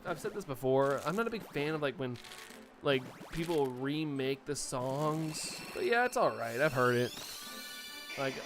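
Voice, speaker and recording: A man's voice: mid-range voice, a bit bright. A young man live-streaming, chatting casually and laughing often as he reacts to viewer messages.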